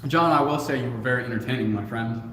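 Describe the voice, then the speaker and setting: A man's voice: mid-range voice, fast. A man with a mid-range voice co-hosts a laid-back livestream, reading comments and joking back at them. He talks loosely and swears casually. The sound rings through an echoey room with a long reverb tail and faint background noise. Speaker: co-host.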